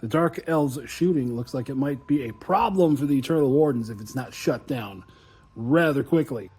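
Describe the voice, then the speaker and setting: A man's voice: medium pitch, animated, normal speed, a little mellow. A man hosting a tabletop wargame battle report, chatting casually as he counts dice aloud and laughs often. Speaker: tabletop wargame player and channel host.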